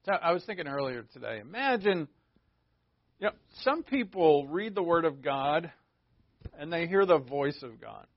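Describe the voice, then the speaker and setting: A man's voice: on the high side, lively intonation, moderate pace, no echo. A man preaching a conversational sermon, full of rhetorical questions and informal asides. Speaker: pastor. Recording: dull lo-fi dry recording.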